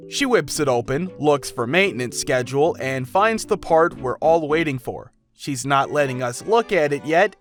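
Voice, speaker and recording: A man reading out customer stories in an even storytelling manner. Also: on the high side. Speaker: narrator. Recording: faint music behind.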